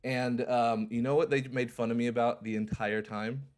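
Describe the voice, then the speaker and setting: A man's voice: medium pitch, flat delivery, moderate pace. Upbeat man hosting a livestream. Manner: repeats phrases, upbeat auctioneer-style delivery. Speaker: livestream host. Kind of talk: casual livestream chat.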